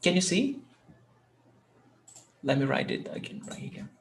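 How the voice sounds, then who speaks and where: A man teaching a language lesson, explaining slowly and checking in with his students. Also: fairly high pitch, huge pitch swings, vocal fry, a little hiss or hum. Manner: slow, deliberate explanations with frequent "okay?" check-ins. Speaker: Portuguese teacher.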